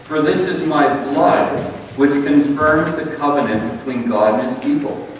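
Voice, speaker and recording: A man's voice: a little high, measured pace, a little hiss or hum. A man preaching a communion sermon as pastor, earnest and conversational, with emphatic repetition. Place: church sanctuary. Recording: echoey hall, far from the mic.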